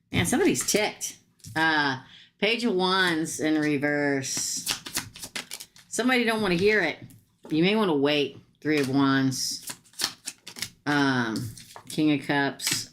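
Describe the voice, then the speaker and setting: A woman with a notably low voice reads tarot live for her viewers. She talks casually and bluntly, tossing in slangy asides. A faint hiss sits under her voice. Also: slow pace, long pauses. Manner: chatty, talks straight to viewers and comments. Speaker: tarot reader. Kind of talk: live-stream tarot reading.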